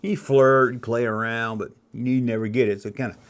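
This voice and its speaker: Male host, fifties, mid-pitched, rambling nostalgic monologue, loose and chatty. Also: steady tone, brisk, clear, resonant tone. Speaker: YouTube host.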